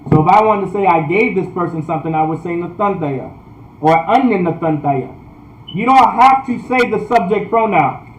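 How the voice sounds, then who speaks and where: A man teaching a language class online, repeating points, often asking "all right?", and sounding out words slowly. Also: high voice, lively intonation, reverberant, rough recording. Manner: repetitive, checks in with "all right?"; restarts sentences often. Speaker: priest.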